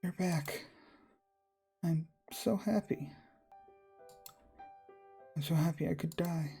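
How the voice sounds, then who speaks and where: A man voicing an obsessive young woman, gravelly. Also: fairly high pitch, slow, mellow, faint music behind. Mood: gushing. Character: obsessive devoted young woman, clingy and unsettling.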